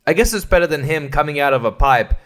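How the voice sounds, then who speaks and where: Guy ranting on his podcast, kinda high voice, sarcastic, swears constantly, keeps laughing. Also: animated, quick pace, a bit bright. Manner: sarcastic, rambling, swears a lot, laughs often. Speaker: podcast host. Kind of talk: solo podcast rant.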